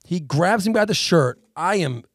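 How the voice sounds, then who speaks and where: A man's voice: high voice, normal speed. A man co-hosting a podcast, telling a long story in casual chat and acting out the other people in it with big voice swings. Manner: animated storyteller, acts out voices in quotes. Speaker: podcast co-host.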